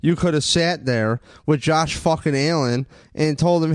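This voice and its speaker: A man's voice: a little high, normal speed, few pauses, clean tone, no echo, clean studio sound. A man co-hosting a sports podcast, ranting with lots of swearing in casual chat. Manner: profane, ranting, animated. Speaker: podcast co-host.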